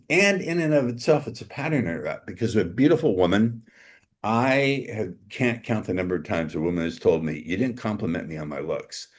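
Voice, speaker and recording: A man with a very low, deep voice talks casually as a guest on a dating-coach panel. He is blunt and sarcastic, mocking his rivals with heavy irony.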